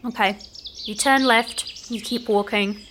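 A woman running a tabletop role-playing game, describing the scene to players in a relaxed way, full of "like" fillers. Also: fairly high pitch, unhurried, background noise. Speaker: game master.

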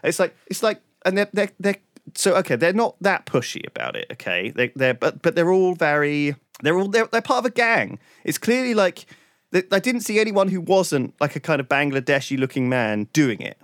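A man from the UK tells stories in a fairly high voice that swoops up and down a lot. He swears freely and peppers his talk with "like" and "right?". The sound is close and dry, with no room echo. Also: fairly quick. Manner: animated storytelling, heavy swearing, lots of "like" and "right?". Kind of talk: casual chat.

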